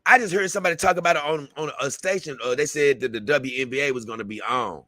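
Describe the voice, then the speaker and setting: A man's voice: mid-range voice, quick pace, pushed and bright, dry recording, clean studio sound. A man hosting a livestream and signing off in a loose, rambling way, calling viewers "man" and "baby.". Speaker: livestream host. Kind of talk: casual livestream sign-off.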